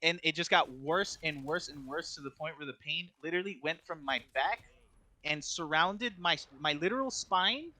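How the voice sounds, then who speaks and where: A man's voice: fairly high pitch, moderate pace, sharp tone, no echo. A young man co-hosting a podcast, telling a story in casual chat, rambling with constant filler words and restarts. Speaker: podcast co-host.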